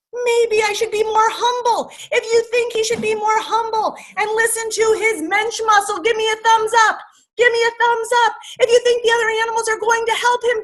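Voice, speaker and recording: A woman with a very high, bright voice tells a story to young children over a video call. She is animated and dramatic and keeps coaxing the children to join in. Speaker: teacher.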